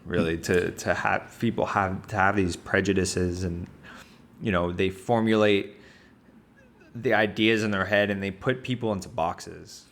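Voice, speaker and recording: Deep-voiced man in casual talk. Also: steady tone, fairly bright tone. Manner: measured, agreeing, with frequent backchannels. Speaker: podcast co-host. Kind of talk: casual discussion.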